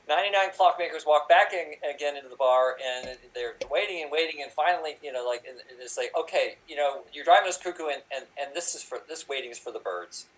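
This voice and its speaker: A man performing in an improv comedy show, telling jokes in a rambling, halting way. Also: a little high, rough recording.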